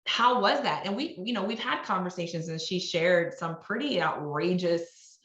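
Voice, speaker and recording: A woman's voice: fairly low pitch, moderate pace, a bit bright, roomy sound, dull audio. A woman from New York, a marketing executive, speaking as a guest in a podcast interview in a candid, conversational way with frequent restarts.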